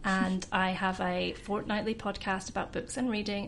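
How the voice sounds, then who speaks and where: A woman's voice: mid-range voice, flat delivery, normal speed, gravelly, a bit bright, slight background noise. A young woman from Scotland, a wedding celebrant on a podcast, who talks with enthusiasm and laughs often. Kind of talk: casual podcast chat.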